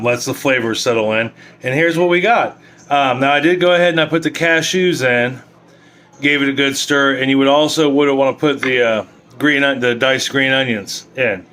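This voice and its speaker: A man in his thirties talks loosely through a home cooking vlog from his kitchen. His voice is bright and forceful, and he wanders from thought to thought with plenty of ums and uhs. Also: mid-range voice. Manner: rambling, filler-heavy, folksy. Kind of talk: casual cooking vlog chat.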